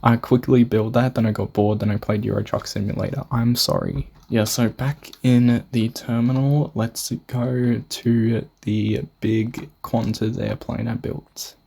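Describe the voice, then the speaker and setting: A man's voice: medium pitch, little pitch movement, measured pace, vocal fry, few pauses, warm tone, husky. Rambling young Australian guy touring a game build. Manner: rambling, swears often, self-mocking. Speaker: gamer showing a build. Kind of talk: casual gameplay narration.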